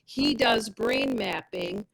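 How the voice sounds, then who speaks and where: A woman's voice: mid-range voice, expressive, slow pace, gravelly, fairly bright tone, husky, rough recording. A woman giving a personal testimonial as a product rep, telling her story with animation and acting out the dialogue of others.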